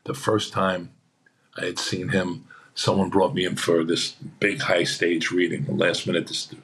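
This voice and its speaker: A man's voice: sits low, level tone, unhurried, gravelly, a bit bright. A man, an actor on a podcast, telling rambling anecdotes in a chatty way and acting out what others said. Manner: chatty, acts out quoted voices. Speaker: actor guest.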